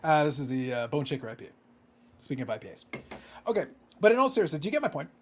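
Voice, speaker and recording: A man's voice: on the high side, very animated, very fast, slight background noise. A man co-hosting a casual podcast, ranting with exasperation and swearing freely. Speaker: podcast co-host.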